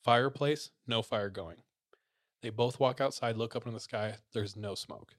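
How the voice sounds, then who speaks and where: Male host, relaxed storyteller, mid pitch, informal creepy-tale delivery. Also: moderate pace. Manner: relaxed storyteller, many "like" fillers. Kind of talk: casual storytelling of creepy tales.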